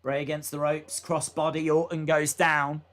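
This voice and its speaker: During a livestreamed watch-along, a young man does casual play-by-play of wrestling moves, reads chat aloud, and uses plenty of "uh" fillers. He speaks at normal speed in a somewhat bright, high voice with little pitch movement.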